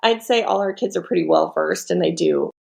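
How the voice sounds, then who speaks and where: A woman hosting a casual podcast chat, relaxed and empathetic, asking questions. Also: fairly low pitch, fairly quick, creaky. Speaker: podcast host.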